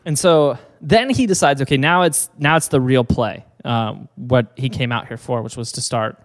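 A man's voice: medium pitch, normal speed, in a large hall. A man co-hosting a podcast, telling a business story in a loose, rambling way with fillers. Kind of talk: casual chat.

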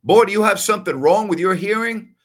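A man's voice: high voice, fairly quick, fairly bright tone, pitched above the performer's own voice. A man putting on a drawling old Southern uncle. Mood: exasperated. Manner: drawling, exasperated scolding.

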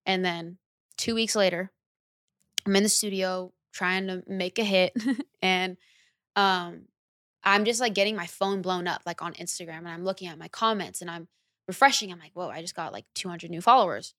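Brief young woman, singer guest, slangy animated storyteller, dry close mic. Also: on the low side, moderate pace, no room sound. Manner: animated, slangy, acts out her own past reactions. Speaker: recording artist guest. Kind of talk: casual interview storytelling.

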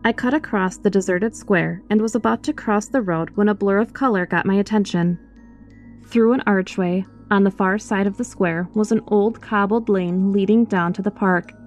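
Woman reading a spooky first-person story, mid-pitched, expressive, soft music underneath. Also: moderate pace. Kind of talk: scripted horror story narration.

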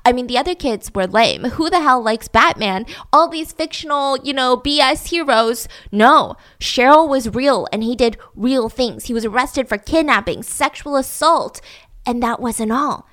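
A woman's voice: sits high, lively intonation, normal speed, a bit bright. A woman hosting a true crime podcast, telling the story in a chatty, heavily sarcastic, mock-admiring way and speaking straight to her listeners. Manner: chatty, addresses listeners directly. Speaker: podcast host.

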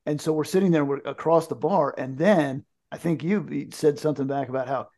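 A man telling a story in casual chat, animated, jokey, acting out the dialogue. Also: on the high side, brisk.

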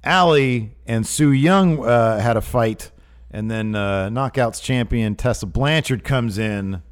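A man's voice: medium pitch, slow, clean tone. A man co-hosting a podcast, chatting casually about wrestling news with lots of fillers and an amused, rambling manner. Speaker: podcast co-host.

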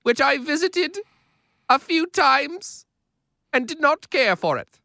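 A man doing a mock impression of an elderly queen, slow and haughty. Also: extremely high pitch, big pitch swings, creaky, pushed and bright, no room sound, studio quality, pitched above the performer's own voice, exaggerated voice. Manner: slow, lilting, posh put-on.

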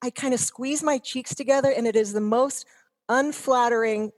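A woman's voice: fairly high pitch, normal speed, a little mellow. A woman in her fifties, a guest telling rambling, profane, self-mocking stories in casual chat.

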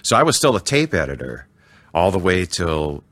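An older man hosts a relaxed interview in a very deep voice that swings up and down with real liveliness. He heaps praise on his guests. The sound is dry and close. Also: normal speed, no echo. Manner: enthusiastic, full of praise. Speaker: interview host. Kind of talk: casual interview chat.

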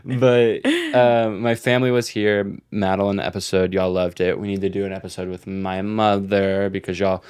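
A man's voice: fairly low pitch, steady tone, moderate pace, few pauses, a little mellow, clear, resonant tone. A man co-hosting a podcast, telling stories in loose, profane casual chat and laughing often. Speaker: podcast co-host.

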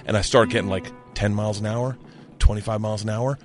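A man hosting a podcast, telling a story in casual chat, cursing freely and shouting the lines he quotes. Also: lowish voice, fairly even intonation, fast talker, loud music behind the voice. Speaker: podcast host.

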